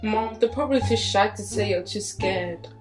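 A woman's voice: medium pitch, moderate pace, darkish tone. A young woman pranking her mother in a casual vlog, teasing and insistent, sometimes pleading. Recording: echoey room with background music.

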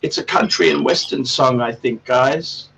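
A man's voice: mid-range voice, moderate pace, vocal fry, fairly bright tone, far from the mic, a little hiss or hum, poor audio. A man hosting a casual livestream chat, rambling and swearing a lot in a crude way. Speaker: livestream host.

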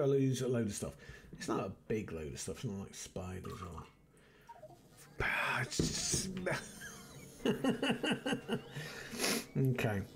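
Male gamer host, unhurried and animated, rambling gameplay commentary. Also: mid-range voice, slight background noise. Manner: muttering and thinking aloud, rambling with restarts. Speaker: let's play host.

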